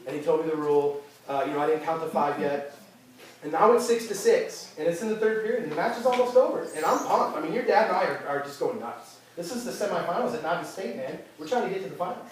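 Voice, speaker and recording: A fairly high-voiced man coaching a youth wrestling team, recounting matches with lots of energy and restarts. He is heard from a distance in a very echoey hall, with a crowd murmuring behind him. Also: quick pace. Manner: animated storytelling, many fillers and restarts. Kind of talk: end-of-season speech to a team. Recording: roomy hall, voice from far off, crowd noise.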